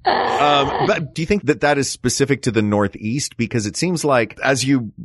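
A young man co-hosting a casual comedy podcast, chatting in an animated way with quick jokes and asides. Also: mid-range voice, no room sound, studio quality. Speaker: podcast co-host and actor.

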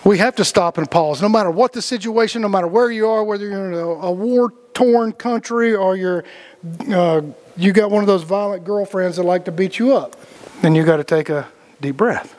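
A man's voice: high-pitched, normal speed, darkish tone. A man leading a casual spiritual group talk, rambling with lots of fillers and the odd swear word. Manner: rambling, heavy on fillers and cussing.

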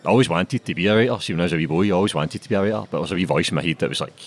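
A man's voice: low-pitched, expressive, very fast, hardly any pauses. A Scottish man in his twenties with a Glaswegian accent, chatting casually and swearing freely as an author guest. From Scotland. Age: 20s. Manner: laid-back, sweary, laughs a lot. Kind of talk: casual interview chat.

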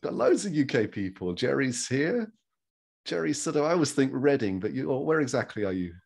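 A man's voice: mid-range voice, big pitch swings, brisk, creaky, darkish tone. A man from England hosting an online forum over a video call, friendly and chatty, laughing often. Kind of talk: casual video call chat.

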